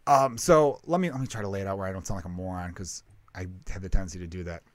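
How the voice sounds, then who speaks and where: A man's voice: low voice, fast talker, dry recording. Profane, rambling man on a dry mic. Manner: rambling, profane, self-interrupting. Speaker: comedian and podcast host. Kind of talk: casual podcast chat.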